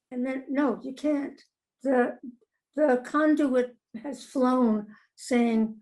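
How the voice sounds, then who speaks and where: A woman's voice: high voice, steady tone, takes it slowly, darkish tone, poor audio. An older woman, a TV comedy writer, telling stories in conversation, acting out quoted voices and laughing often. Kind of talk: conversational storytelling.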